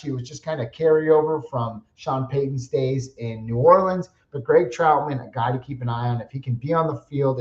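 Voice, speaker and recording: A man's voice: mid-range voice, darkish tone. Casual man podcasting in an echoey room. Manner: casual, opinionated, self-correcting with small laughs. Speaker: podcast host. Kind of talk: solo fantasy football analysis. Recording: echoey room, dull lo-fi sound.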